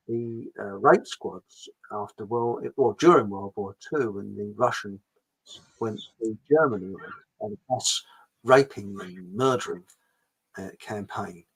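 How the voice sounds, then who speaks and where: A man hosting a casual talk show, rambling and jokey, swinging between loud and quiet. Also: lowish voice, slow pace, breathy edge, rough recording. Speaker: show host. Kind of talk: casual political chat.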